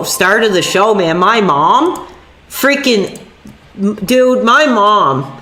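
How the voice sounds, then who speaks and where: A woman's voice: a little high, fairly bright tone. Sick, angry woman streamer ranting. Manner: angry, profane, rambling. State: sick, sore voice. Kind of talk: livestream rant to chat. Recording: echoey room with faint music.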